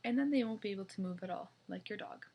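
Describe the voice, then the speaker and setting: Lady doing a taunting icy queen, sing-songy, gravelly and kinda husky. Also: mid-range voice, quick pace, warm tone, low-quality recording. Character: icy, cunning grown woman queen.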